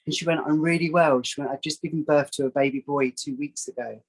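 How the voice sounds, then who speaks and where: Animated storytelling man. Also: fast, poor audio. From England. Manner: animated, acts out quoted voices with a higher pitch. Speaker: psychic guest. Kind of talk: anecdotal storytelling in casual chat.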